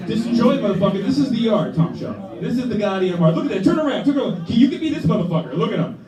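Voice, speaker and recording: A man's voice: high voice, sing-song, fast. A man hosting a comedy show, hyping and teasing comics with profane banter. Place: small comedy club. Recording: echoey club, far from the mic. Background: electric guitar.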